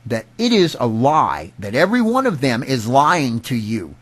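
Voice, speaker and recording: A man's voice: medium pitch, big pitch swings, moderate pace, fairly bright tone. A middle-aged man delivering an angry political rant, indignant and emphatic, often restarting his words. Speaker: political commentator.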